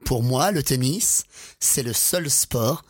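Husky man giving French examples. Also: mid-range voice, slow, dry recording, clean studio sound. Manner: enthusiastic, hesitant restarts, offers example sentences. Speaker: French-speaking co-host of a language podcast. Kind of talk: relaxed teaching chat.

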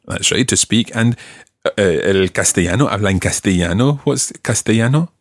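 A man teaching a language lesson, walking through grammar with patient, clear explanations. His low, husky voice rises and falls in a lively way. The sound is dry and close. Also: moderate pace, dry recording. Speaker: language teacher and podcast host.

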